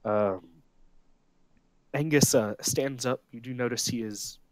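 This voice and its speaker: A man's voice: mid-range voice, no echo. Hesitant male game master, dry close sound. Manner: halting, frequent "uh" fillers. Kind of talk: narrating a tabletop game.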